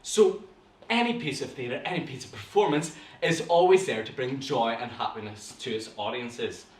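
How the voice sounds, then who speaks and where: A young man with a Northern Irish accent, teaching an online acting class to viewers in an animated, theatrical way full of gasps and sudden bursts. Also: mid-range voice, moderate pace, echoey room, far from the mic. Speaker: drama teacher.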